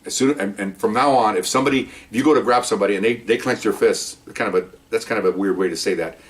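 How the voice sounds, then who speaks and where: Fast-talking low-voiced man telling stories. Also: far from the mic. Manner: animated storytelling, acting out quotes, chuckling. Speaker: retired police officer telling stories. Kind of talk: casual storytelling monologue.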